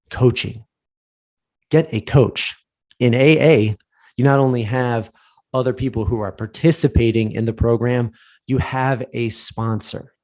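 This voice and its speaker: Speaking in a somewhat low, slightly mellow voice, a podcast host who is a lawyer in his thirties tells stories in a casual motivational talk. He uses many fillers and often restarts.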